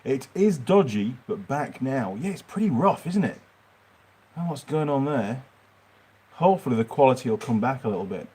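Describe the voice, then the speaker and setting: A man's voice: medium pitch, animated, moderate pace, dark tone, husky. Middle-aged Yorkshire man, mid-range voice, rambling livestream host answering viewers from his workshop. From Yorkshire, England. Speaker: mechanic channel host. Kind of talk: livestream Q&A chat.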